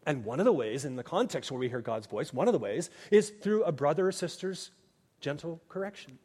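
A pastor, a man, preaches a sermon in earnest, dropping to near-hushed tones and then rising to emphatic points. His voice sits a bit high for a man. A long reverb trails his words, as in a large sanctuary. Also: expressive, a little fast, husky.

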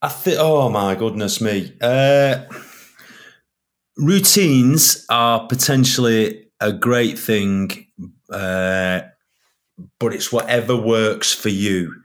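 A man with a Northern English accent hosts a relaxed podcast chat. He rambles in a low voice and often circles back over the same phrases. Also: slow pace. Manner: rambling, repeats his phrases. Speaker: podcast host. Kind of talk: casual chat.

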